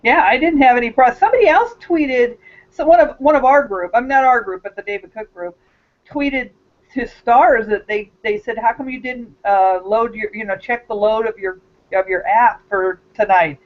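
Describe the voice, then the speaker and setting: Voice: medium pitch, normal speed. A discussion group member who rambles and restarts sentences in a casual chat. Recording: lo-fi call audio.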